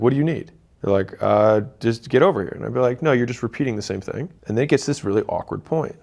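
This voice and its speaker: A man in his thirties giving blunt, emphatic advice straight to camera, swearing for emphasis and acting out what relatives say. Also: medium pitch. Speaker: business creator giving advice. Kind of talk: direct-to-camera advice talk.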